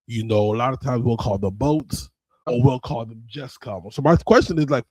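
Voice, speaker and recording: A man from South Florida co-hosts a casual podcast, speaking at a mid pitch. He tells stories in an animated way and puts questions to the audience. The recording is dry and close. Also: moderate pace, husky, no room sound. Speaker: podcast co-host. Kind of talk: casual chat.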